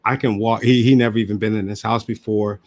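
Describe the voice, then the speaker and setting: A man's voice: fairly low pitch, steady tone, fast, a little mellow, no room sound, clean studio sound. A man hosting an interview, talking reflectively and telling stories with frequent restarts. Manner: reflective, storytelling, many restarts. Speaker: podcast host. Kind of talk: casual interview chat.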